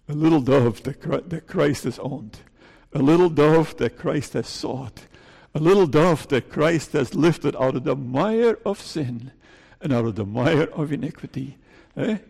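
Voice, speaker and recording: A man's voice: fairly high pitch, creaky. A male pastor with a Dutch accent, preaching a pleading sermon in church, repeating his phrases and adding "eh?" asides. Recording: long church reverb.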